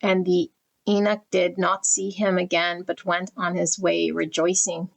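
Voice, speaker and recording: A woman reading card texts aloud in a tarot deck flip-through at home, slowly and tenderly, easily moved. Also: on the low side, level tone, gravelly, rough recording.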